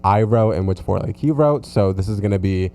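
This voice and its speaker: A man's voice: lowish voice, a little fast, warm tone, a little hiss or hum. A man co-hosting a podcast in casual chat, giggly and chatty. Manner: chatty, giggly, lots of fillers like "mama". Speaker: podcast co-host.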